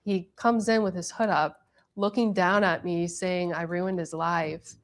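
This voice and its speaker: Sex: woman. Role: interviewee. Style: TV interview account. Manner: earnest, repetitive. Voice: lowish and flat. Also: unhurried. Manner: earnest, narrative, repeating herself. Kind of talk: recounting in a TV interview.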